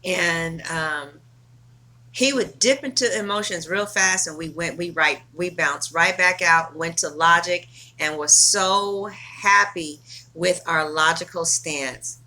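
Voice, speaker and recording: A woman's voice: on the low side, slow pace, sharp tone. A woman tarot reader talking casually to camera, blunt, emphatic and full of swearing.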